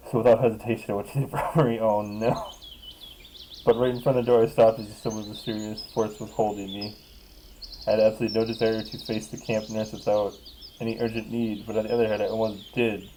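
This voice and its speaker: A man's voice: on the low side, flat delivery, quick pace, mellow, a little hiss or hum, rough recording. A man casually reading a visual novel aloud, often laughing and breaking off to joke. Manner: giggly, reads narration aloud and breaks off to joke. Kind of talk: casual let's play commentary.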